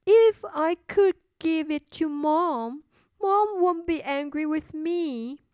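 A woman's voice: high voice, lively intonation, slow pace, a little mellow, no room sound, studio quality. A woman voicing a hopeful, curious young boy thinking aloud in a children's story. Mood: eager.

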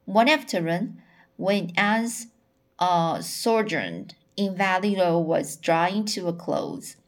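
Woman narrator for a classic novel, slow and halting, many restarts. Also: on the low side, big pitch swings. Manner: halting, frequent repeats and self-corrections. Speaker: audiobook reader. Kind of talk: audiobook narration.

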